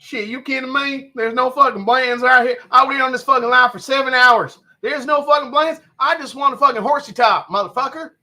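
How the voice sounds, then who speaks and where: A griping redneck comic, cursing in a raised, bright voice, as a man impersonates him. He sounds loud, tense and irritated throughout. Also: very high-pitched, fairly quick, hardly any pauses, voice pushed up, heavily acted. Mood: angry. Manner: griping, swearing.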